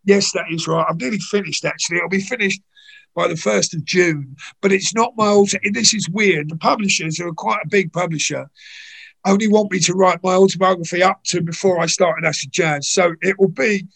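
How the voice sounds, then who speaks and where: Gravelly older man telling stories. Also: high voice, a little fast, a bit bright. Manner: chatty, anecdotal, many "you know"s. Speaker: guest. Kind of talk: conversational storytelling.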